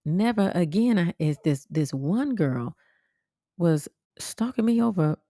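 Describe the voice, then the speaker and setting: A woman hosts her podcast in a blunt, swearing, animated way, leaping into sharp high exclamations. Her voice sits low and mellow with a gravelly fry. The recording is dry and close. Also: unhurried, dry recording. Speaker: podcast host. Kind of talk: casual storytelling monologue.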